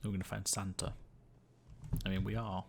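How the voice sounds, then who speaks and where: A man's voice: low voice, flat delivery, normal speed, creaky, slight background noise. A tired, yawning man muttering and swearing to himself as he comments on his own gameplay during a livestream. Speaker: gaming livestreamer.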